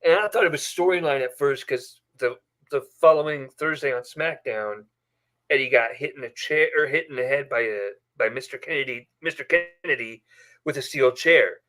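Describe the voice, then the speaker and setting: A man's voice: medium pitch, normal speed, fairly bright tone. A man hosting a casual live stream from his bedroom, telling a story with many fillers and restarts. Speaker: host. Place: bedroom at home.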